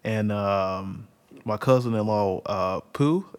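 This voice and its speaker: A man's voice: lowish voice, slow pace. A man in his twenties from Illinois telling a rambling personal story, full of fillers and laughter. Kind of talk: casual personal anecdote.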